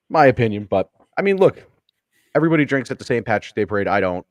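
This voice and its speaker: A man's voice: medium pitch, sing-song, a little fast, no room sound, studio quality. A man co-hosting a podcast, telling a profane story in casual chat and acting out what others said. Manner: storytelling, swearing, acts out quotes. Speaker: podcast co-host.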